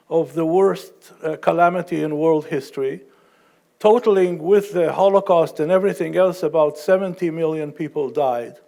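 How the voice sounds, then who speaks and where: A middle-aged man speaking as a panelist at a university event, wry at first and then measured and explanatory, often restarting his sentences. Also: high-pitched, darkish tone. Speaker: panelist and professor.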